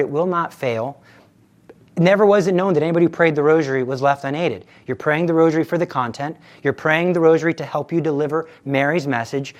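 Earnest male retreat speaker, casual faith talk to teens, chatty, keeps repeating his promises. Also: fairly high pitch. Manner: earnest and conversational, repeats assurances; acts out quoted dialogue. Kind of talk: informal religious talk to teens.

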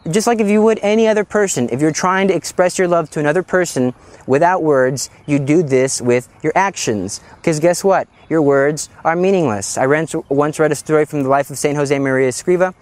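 A man preaching a sermon in an animated, scolding way, acting out little scenes as he goes. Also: on the high side, a little fast.

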